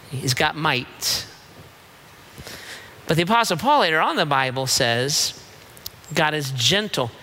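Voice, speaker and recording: A middle-aged male pastor preaching in a slow, deliberate rhythm. His tone is bright and forceful. He leans hard into emphasis and acts out quoted voices with playful energy. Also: a little high. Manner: emphatic, acts out God and people in quoted lines. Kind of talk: sermon.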